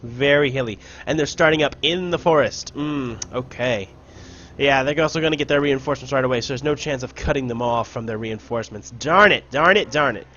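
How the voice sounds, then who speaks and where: A man giving casual let's play commentary on a strategy game, shouting orders and taunting enemies now and then. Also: mid-range voice, fairly quick, muffled recording, a little hiss or hum. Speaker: gameplay commentator.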